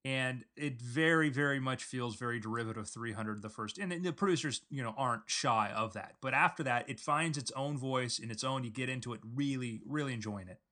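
Bright-voiced comedic podcast host man. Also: medium pitch, a little fast, few pauses. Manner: playful, spins elaborate bits. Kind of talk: casual comedic chat.

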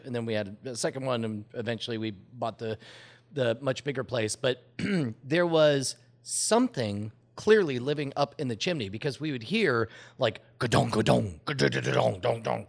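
A man in his forties telling a rambling story in casual chat, halting with restarts and laughter. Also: mid-range voice, lively intonation.

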